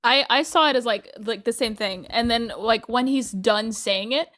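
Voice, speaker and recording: A woman's voice: fairly high pitch, moderate pace, fairly bright tone. Woman on a tv podcast, giggly, trips over her words, casual. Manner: chatty, giggly, many restarts. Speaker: podcast co-host.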